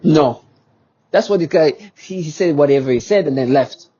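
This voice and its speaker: A man's voice: a little high, animated, normal speed, dark tone, breathy edge, muffled recording. A man speaking in an agitated monologue to camera. He talks emphatically and repeats himself, with many restarts and rhetorical questions. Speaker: vlogger.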